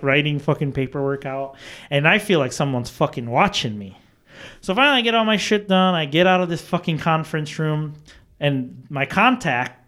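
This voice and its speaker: Male storyteller, casual and profane, acts out quotes, higher-pitched. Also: fairly bright tone. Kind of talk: casual chat.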